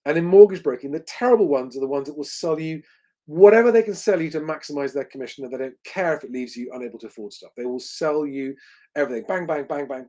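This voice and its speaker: A man's voice: a little high, dark tone. A man hosting a livestream Q&A, talking conversationally with lots of ums and restarts. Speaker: host.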